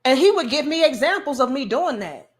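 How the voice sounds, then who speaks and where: A woman's voice: high voice, expressive, a little fast. A woman, hosting an emphatic, preachy opinion monologue. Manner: emphatic, preachy, acts out quoted voices. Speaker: commentary show host.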